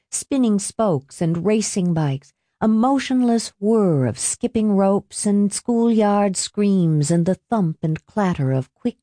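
A woman reading a novel aloud in a measured, expressive narration. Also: medium pitch, no room sound, studio quality. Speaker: audiobook narrator. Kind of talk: scripted narration.

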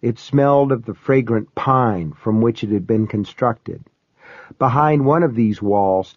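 An audiobook narrator reads a first-person story aloud with a steady, measured storytelling style. His medium-pitched voice has no echo, though the dry recording sounds dull and slightly lo-fi.

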